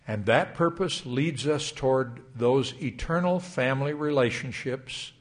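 An older man delivering a sermon to young adults, reading scripture in a measured, emphatic way. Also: medium pitch. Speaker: church speaker.

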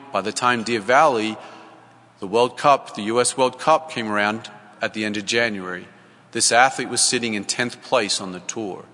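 A man's voice: on the low side, pushed and bright. Earnest man telling a story in a big hall. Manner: storytelling, earnest, acts out dialogue. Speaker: sports coach giving a talk. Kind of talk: church talk.

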